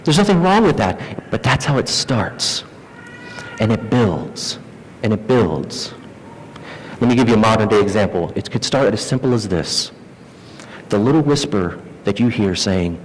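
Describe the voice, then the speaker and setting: A male pastor delivers a lively sermon and slips into the voices of the people he describes. His medium-pitched voice rings out in a church hall with a long reverb. A faint low rumble sits under the sound. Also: normal speed. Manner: animated preaching, acting out quoted voices.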